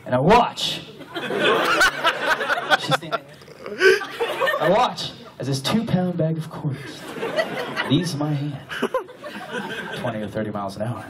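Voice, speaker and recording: A man's voice: extremely high pitch, very animated, moderate pace. A man from the American South telling a comic story to a convention audience, laughing often and acting out his own panic. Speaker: convention panel guest. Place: large hotel convention room with live audience. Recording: distant audience recording, loud crowd and noise.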